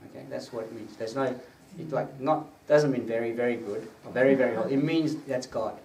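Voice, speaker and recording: A man's voice: medium pitch, brisk, darkish tone. A man preaching a teaching sermon to a small group in a conversational way. He quizzes his listeners and lifts his voice when he quotes scripture. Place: prayer gathering room. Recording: echoey room, distant mic, faint hiss.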